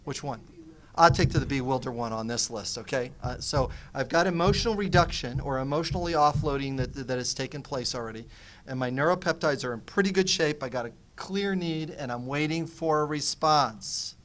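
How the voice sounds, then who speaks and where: On a panel about nonviolent communication, a middle-aged man tells a personal story at a slightly quick clip, his voice medium in pitch. He performs both voices in the conversation with animation, and there's slight background noise.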